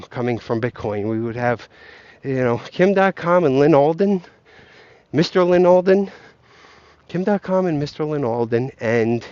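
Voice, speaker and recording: Talking directly to his audience as he walks a path outside, a male vlogger rants, jokes, and swears in a meandering comic way. He sounds a little high with a darkish tone, and the muffled audio has no room sound.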